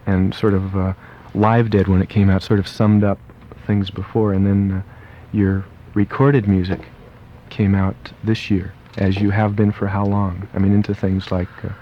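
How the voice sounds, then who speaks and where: A fairly low-voiced man hosts a casual studio radio interview, chatty and quick, stumbling into fillers and restarts. The sound is dull and lo-fi like old archival radio tape, with a faint hiss behind him. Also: little pitch movement. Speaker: radio disc jockey host.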